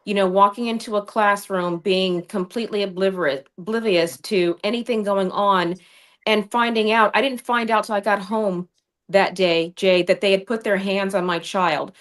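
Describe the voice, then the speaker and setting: A woman's voice: medium pitch, fairly even intonation, normal speed. A woman hosting a political talk show over a video call, telling a story with indignant passion. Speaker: political podcast host.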